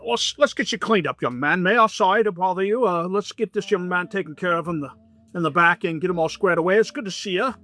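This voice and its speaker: Man doing a bright, smooth-talking veteran, coaxing and polite. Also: high-pitched, quick pace, soft background music. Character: smooth, persuasive male war veteran.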